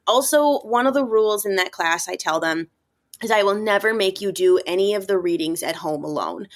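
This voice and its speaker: Woman, thirties or forties, teacher guest, casual chat, lively, acts out voices. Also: mid-range voice, a little fast. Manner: animated, acts out student voices. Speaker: English teacher, podcast guest.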